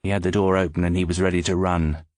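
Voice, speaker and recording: A man narrating an audiobook in scripted, expressive storytelling, close to the mic. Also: low-pitched, quick pace, dry recording.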